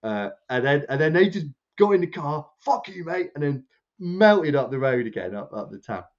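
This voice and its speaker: At a normal pace, a man co-hosting a podcast wanders through a casual anecdote, performing others' quotes with a raised pitch. His delivery is rambling and animated, and the audio is lo-fi.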